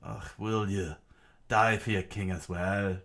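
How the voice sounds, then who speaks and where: A man voicing a smug, cruel middle-aged villain with a slow, sneering delivery while reading a comic aloud. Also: fairly low pitch, fairly even intonation, vocal fry, fairly bright tone, heavily acted.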